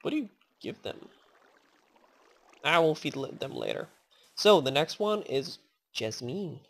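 A woman with a low, unhurried voice chats her way through a game, thanking viewers by name and cooing at the creatures she sets free. Her pitch swings widely, from murmured asides up to sudden delighted or frustrated shouts. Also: vocal fry. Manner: excitable, swears, coaxes in-game animals aloud. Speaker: gaming channel host. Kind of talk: casual game commentary.

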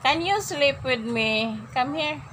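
A woman's voice: high voice, animated, slow, fairly bright tone, a little hiss or hum, poor audio. An older woman, a grandmother talking to her granddaughter at bedtime in a casual home vlog, coaxing, repeating herself and laughing often. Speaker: grandmother vlogger. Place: bedroom at home.

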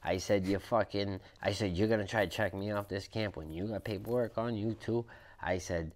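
A man with a Boston accent, a podcast guest telling prison stories in a loud, profane, animated way, acting out the quotes. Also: lowish voice, normal speed, a little hiss or hum. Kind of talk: casual storytelling interview.

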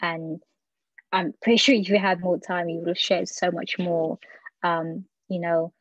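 A woman in a group giving soft-spoken, hedging feedback in casual talk. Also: fairly low pitch, steady tone, unhurried, no room sound, highs cut off. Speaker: group member.

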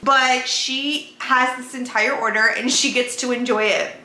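High, bright excitable woman vlogger. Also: measured pace. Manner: excitable and chatty, swears casually, talks to viewers. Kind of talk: casual haul vlog chat. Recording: echoey room with faint background noise.

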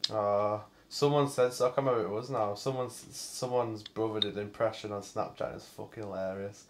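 A man's voice: on the low side, steady tone, brisk, a little hiss or hum. A man hosting a gameplay video, chatting casually and swearing in exasperated banter with a friend while playing. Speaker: gaming channel host.

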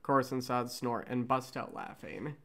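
A man co-hosts a casual read-through of a fan script and reads out the stage directions. His voice sits at an ordinary middle pitch. He jokes around between scenes. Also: little pitch movement, moderate pace, a bit bright. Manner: casual, joking. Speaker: co-host reading a fan script.

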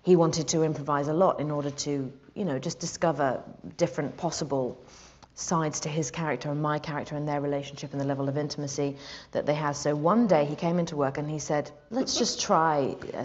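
A woman in her forties from England, an actress telling a comic story to an audience in an animated, giggly way. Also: low voice, fast. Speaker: actress guest. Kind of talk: comic anecdote before an audience. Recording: muffled audio, loud audience.

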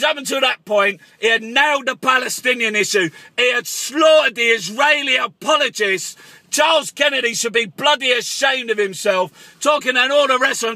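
A man delivers a shouty, excitable comic rant and stammers over repeated words. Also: extremely high pitch, no echo.

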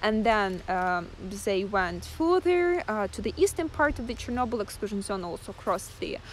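A woman from Ukraine, giving a live-streamed guided tour outdoors in a chatty way, full of fillers and pauses. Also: mid-range voice, sing-song, slight background noise. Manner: chatty, hesitant with many fillers. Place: outdoors in a town.

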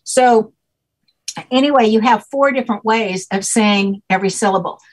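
Husky woman explaining patiently. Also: medium pitch, normal speed, low-quality recording. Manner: patient, explains step by step with frequent "okay?" checks. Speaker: guest, name expert. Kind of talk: explanatory podcast interview.

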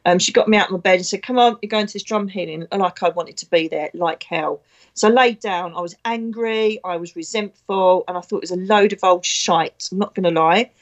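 A woman's voice: on the low side, brisk. Woman, middle-aged, medium, blunt and chatty, slightly dull recording. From Britain. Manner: blunt, chatty, emotional storyteller. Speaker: psychic medium. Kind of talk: casual spiritual talk.

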